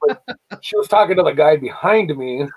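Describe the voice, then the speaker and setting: Man, casual podcast host, animated storyteller, slightly higher voice. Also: normal speed, breathy edge, low-quality recording. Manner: animated storyteller, laughs often. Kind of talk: casual chat.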